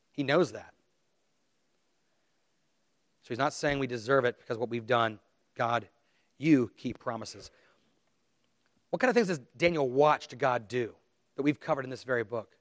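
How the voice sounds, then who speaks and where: A man's voice: medium pitch, a bit bright, dry recording. Earnest man preaching in a dry room. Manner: earnest, emphatic, dramatic reading of scripture. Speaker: pastor. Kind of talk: sermon.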